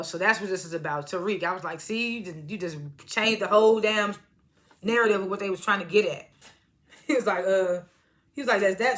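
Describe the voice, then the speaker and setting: Lady recapping her show, bright sharp voice, acts out the lines and laughs, swears a bunch. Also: mid-range voice. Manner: retells scenes by quoting characters, laughs often; casual slangy talk with frequent swearing. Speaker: TV episode reviewer. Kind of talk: casual episode recap.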